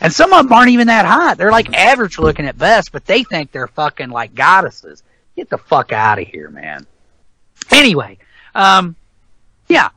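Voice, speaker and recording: Middle-aged man, podcast co-host, rambling profane rant, bright forceful tone, dry close sound. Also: sits high, huge pitch swings, normal speed, no echo, rough recording. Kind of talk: casual chat about metal albums.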